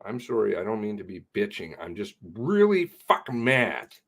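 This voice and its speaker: A man rants alone on his livestream, his low voice lurching up and down in pitch. He swears, mutters and grumbles to himself in an agitated, angry monologue. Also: sing-song, normal speed, creaky. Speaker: livestream host.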